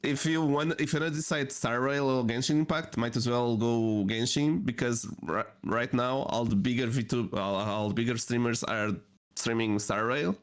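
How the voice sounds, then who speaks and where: Male co-host, relaxed chatty advice-giver with ready laughter. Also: medium pitch, moderate pace, smooth. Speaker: vtuber podcast co-host. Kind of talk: casual podcast chat.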